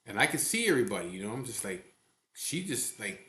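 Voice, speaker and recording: A man with a low voice tells a story in a blunt, profane, casual way, often checking in with his listener. He speaks from a garage hangout, and the room gives his voice a noticeable echo. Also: sing-song, brisk, fairly bright tone. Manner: blunt, profane, keeps saying "you know what I mean". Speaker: biker club member telling a story. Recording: echoey room.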